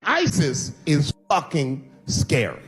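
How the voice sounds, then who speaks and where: A man in his forties doing a stand-up comedy set, telling stories and dropping his voice low for quoted lines. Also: wildly swooping pitch, slow, very noisy. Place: large live venue. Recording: echoey large venue with loud ambience.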